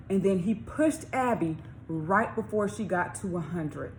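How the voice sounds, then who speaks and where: A woman author reading her children's story aloud, expressive, with questions to young listeners. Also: medium pitch, measured pace, a little hiss or hum. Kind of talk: storybook read-along for children.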